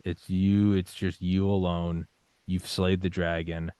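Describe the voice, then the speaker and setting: A young man with a very low voice speaks in a casual interview, swearing freely and dramatizing his own doubts and determination. The sound is dry and close, with no room echo. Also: little pitch movement, slow pace, dark tone, clear, resonant tone. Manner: intense, swearing, acts out his own panicked inner voice. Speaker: podcast guest.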